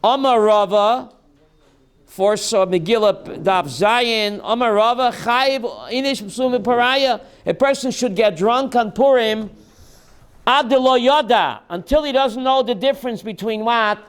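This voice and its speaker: Joking rabbi with a high voice. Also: male voice, a little slow, clean tone. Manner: joking, calls on students by name, asks the class questions. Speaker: rabbi teaching a class. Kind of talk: Torah class with jokes.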